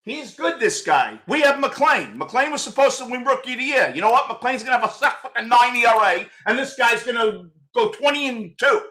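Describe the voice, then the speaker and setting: A sixty-something man with a New York accent rants through a postgame show, blunt and profane, breaking into shouts. His voice sits high for a man and has a bright, sharp edge. He answers viewers by name between complaints. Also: animated, normal speed, hardly any pauses. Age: 60s. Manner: blunt, loud and swearing, often shouting. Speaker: host of a fan postgame show.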